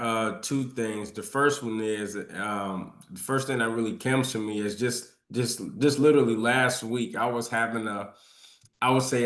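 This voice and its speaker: A man's voice: medium pitch, fairly bright tone. A man on a spiritual podcast telling a casual anecdote in a hesitant, rambling way with many restarts. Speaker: podcast guest or co-host. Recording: roomy, echoey sound.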